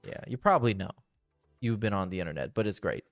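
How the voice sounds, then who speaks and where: A man hosting a podcast gives blunt, sarcastic commentary in a casual way. His voice is smooth and resonant, with lively swings in pitch. The sound is dry and close. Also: fast talker, no echo, faint music behind. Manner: blunt, sarcastic, restarts often. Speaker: podcast host. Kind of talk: casual commentary reacting to a clip.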